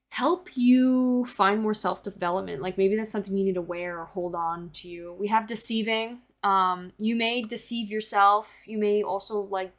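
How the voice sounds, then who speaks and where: A woman in her early twenties giving a casual tarot reading, rambling with lots of fillers and the odd swear. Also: mid-range voice. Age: early 20s. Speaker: tarot reader.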